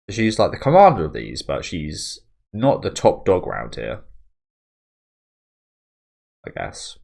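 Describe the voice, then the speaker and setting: A man's voice: deep voice, huge pitch swings, slow pace, vocal fry, pauses often, a little mellow. A man hosting a casual manga reading, commenting freely and swearing often. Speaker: manga reaction host.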